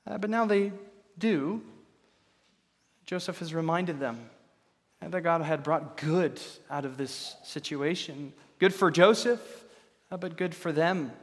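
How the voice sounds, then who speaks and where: A slightly high-voiced man delivers a sermon from the pulpit, measured and earnest, often asking rhetorical questions. His voice rings with the long reverb of a large church hall. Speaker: pastor. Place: church sanctuary.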